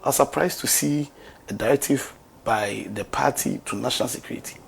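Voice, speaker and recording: A man's voice: medium pitch, brisk, creaky, husky. A man with a Ghanaian English accent giving political commentary, asking rhetorical questions and turning emphatic.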